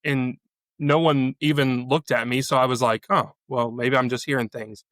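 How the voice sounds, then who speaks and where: A man's voice: medium pitch, steady tone, fairly bright tone, dry recording. A man sharing a personal faith testimony as a guest, often restarting and repeating words as he remembers. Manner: halting, repeats words as he recalls. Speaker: podcast guest.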